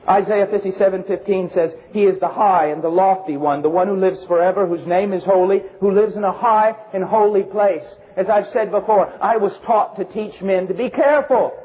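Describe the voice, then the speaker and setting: A man preaching a sermon with passion, using rhetorical questions and repetition, and swinging from shouts to hushed low tones. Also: rough recording.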